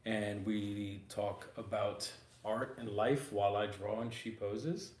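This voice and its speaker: Guy hosting a podcast, a bit hoarse, kinda rambly, low voice, roomy store sound. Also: steady tone, slow pace, a little mellow. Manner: easygoing, rambling, many fillers. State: hoarse, getting over losing his voice. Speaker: podcast host. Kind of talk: casual chat. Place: art supply store, working studio. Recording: roomy store with faint ambient noise.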